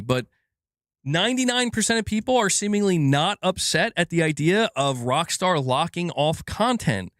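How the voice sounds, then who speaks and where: A man's voice: sits high, fairly bright tone, no echo, clean studio sound. Frustrated man ranting on a livestream. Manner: frustrated, swearing, many restarts and fillers. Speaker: gaming channel host. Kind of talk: casual livestream rant.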